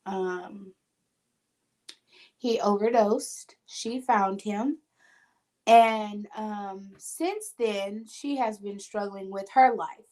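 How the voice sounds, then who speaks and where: A woman talks in a casual podcast chat, an earnest spiritual medium with a mid-pitched voice. She tells her stories with feeling, slipping into the voices of the people she quotes. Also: extremely slow, darkish tone. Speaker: spiritual medium and show host.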